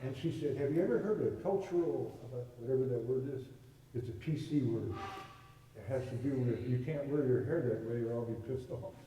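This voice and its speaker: An older man, a spiritual teacher, telling a story to a congregation in a relaxed, amused way, acting out both sides of the conversation. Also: medium pitch, a little fast. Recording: distant, very echoey hall recording.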